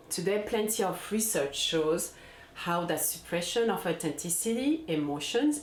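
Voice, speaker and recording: A woman with a low voice gives a reflective solo talk on parenting. She pauses and repeats herself as she gathers her thoughts. Her voice rings in an echoey room, with a faint hum of ambience behind it. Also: darkish tone. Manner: thoughtful, repeats words while searching for them. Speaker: parenting channel host.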